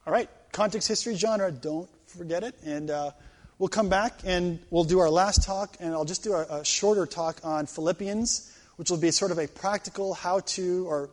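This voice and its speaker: A middle-aged man teaching a class on reading the Bible, animated and emphatic, with exasperated asides. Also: sits high, moderate pace. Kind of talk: classroom lecture.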